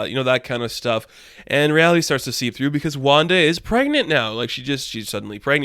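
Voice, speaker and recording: Young male channel host, casual and gushing, mid-pitched, dry mic. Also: lively intonation, brisk, bright, forceful tone, smooth, no echo. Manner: enthusiastic, rambling, lots of "like". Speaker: YouTube reviewer. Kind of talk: casual TV episode review.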